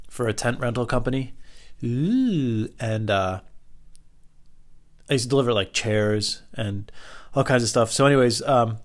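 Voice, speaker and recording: A young man hosting a podcast, telling a comic personal story in a rambling way, full of profane, self-mocking asides. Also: lowish voice. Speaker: podcast host.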